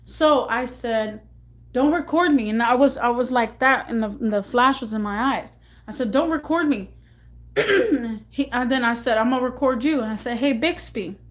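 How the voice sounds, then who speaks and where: Young woman, slightly high voice, rambling halting storyteller, emotional vlog storytime. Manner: halting, repeats herself, rambling. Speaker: vlogger.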